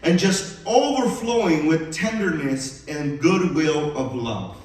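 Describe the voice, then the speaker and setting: A pastor preaching an earnest, emphatic sermon, with a slight mumble and loose enunciation. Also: male voice, fairly high pitch, animated, slow, a little mellow. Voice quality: mumbles, does not enunciate crisply. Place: church sanctuary. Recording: very echoey hall, distant mic.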